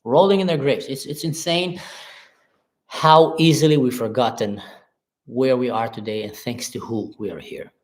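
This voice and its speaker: A man's voice: mid-range voice, normal speed, roomy sound. An impassioned man hosting a live talk, reading viewers' comments and answering them emphatically. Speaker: livestream host. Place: Germany.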